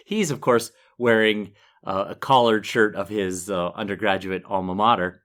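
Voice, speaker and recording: A man's voice: lowish voice, fairly even intonation, moderate pace, a bit bright. A middle-aged man co-hosting a podcast, telling a self-deprecating story in casual chat and laughing often. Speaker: podcast co-host.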